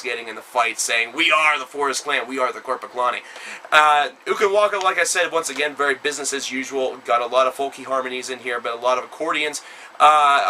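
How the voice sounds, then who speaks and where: Male reviewer, very bright and forceful tone, rambling, filler-heavy, breaks into loud emphatic bursts. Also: medium pitch, a little hiss or hum, low-quality recording. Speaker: album reviewer. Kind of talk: casual spoken review.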